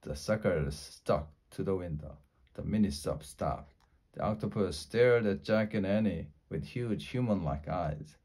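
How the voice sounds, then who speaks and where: A man reading a children's storybook aloud in a slow, deliberate way, with small slips. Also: sits low, darkish tone. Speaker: storybook reader.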